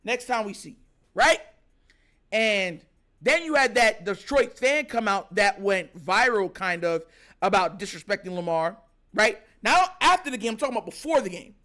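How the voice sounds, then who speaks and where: A man hosting a sports talk show, giving animated casual reaction commentary and laughing often. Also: sits high, normal speed. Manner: animated, excitable, laughs often, mimics players.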